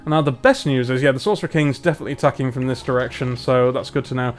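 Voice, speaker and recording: A man's voice: mid-range voice, fast, hardly any pauses, soft background music. A man, commentating a strategy game in a chatty, self-mocking way. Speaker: gamer. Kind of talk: let's play commentary.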